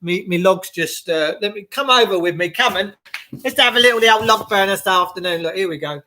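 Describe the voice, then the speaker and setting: High-voiced man ranting at home. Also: fairly quick, sharp tone, slight background noise. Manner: chatty, greets viewers, impassioned. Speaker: vlogger. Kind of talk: casual livestream rant. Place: home by a log burner.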